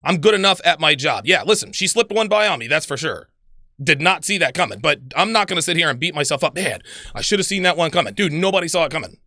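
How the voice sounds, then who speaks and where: A man hosts a livestream and rants with anger and a lot of swearing, repeating his points. His voice is high, bright and gravelly. The sound is close and dry. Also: expressive, quick pace, no room sound. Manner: angry, profane, repetitive. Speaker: livestream host. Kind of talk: heated livestream rant.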